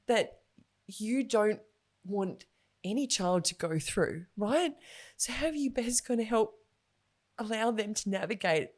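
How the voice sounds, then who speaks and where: A woman's voice: medium pitch, lively intonation, unhurried, a little mellow. An Australian woman in her thirties, a podcast guest, telling heartfelt stories about talking with her young kids and acting out both sides of the conversation. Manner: open, heartfelt storyteller who acts out her kids' questions.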